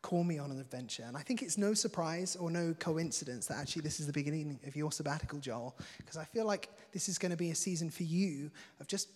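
A man's voice: on the high side, fast, few pauses, a little mellow. Earnest male preacher in a reverberant hall. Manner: earnest, conversational, laughs between points. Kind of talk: sermon.

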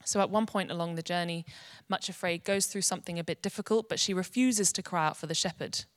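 A woman giving an earnest, gentle devotional teaching. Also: lowish voice, quick pace, dry recording, clean studio sound. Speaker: Bible teacher.

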